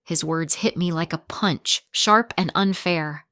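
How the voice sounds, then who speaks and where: A woman narrating a first-person family drama story in a steady, dramatic reading style. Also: fairly low pitch, measured pace, no room sound, studio quality.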